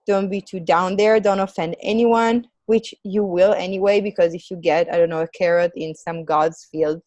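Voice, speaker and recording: A woman's voice: lowish voice, steady tone, moderate pace, a little mellow, no echo, lo-fi sound. A woman talking in a loose, rambling conversational way, full of filler words, as a podcast co-host. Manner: rambling, heavy use of "like" fillers. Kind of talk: casual conversation.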